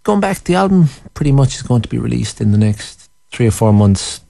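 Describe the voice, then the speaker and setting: Young male radio host, quick-fire delivery, jokey and teasing. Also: medium pitch, sing-song, vocal fry, mellow, no room sound, clean studio sound. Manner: joking, teasing banter. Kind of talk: live radio interview.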